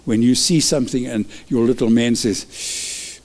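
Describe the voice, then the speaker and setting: A male pastor preaching a sermon, lively and chuckling, driving points home with short repeated calls to act. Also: mid-range voice, normal speed.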